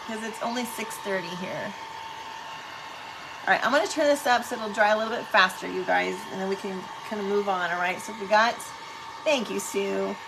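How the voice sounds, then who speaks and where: A woman's voice: mid-range voice, a little slow, gravelly, long pauses, background noise. A middle-aged woman hosting a casual live craft stream at home, chatting with viewers and greeting them by name.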